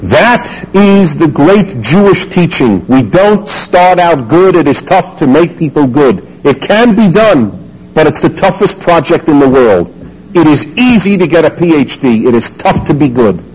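A man's voice: fairly high pitch, sing-song, unhurried, a little mellow, breathy edge, muffled recording. A man giving an emphatic talk to a live audience, full of rhetorical questions. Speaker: speaker lecturing an audience.

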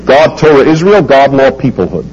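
Guy lecturing a crowd, pitch swings all over, kinda muffled with a faint hum. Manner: emphatic, rhetorical questions, sweeping pitch. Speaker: speaker lecturing an audience. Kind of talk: speech to a live audience.

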